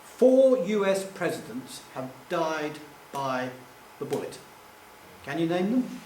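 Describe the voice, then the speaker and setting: A man's voice: a little high, sing-song, takes it slowly, a little mellow, a little hiss or hum. A middle-aged man telling anecdotes to a live audience in a chatty, self-deprecating way, stumbling over names and laughing at himself. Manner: chatty, self-deprecating, acts out quoted voices. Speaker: public speaker. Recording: echoey room, distant mic.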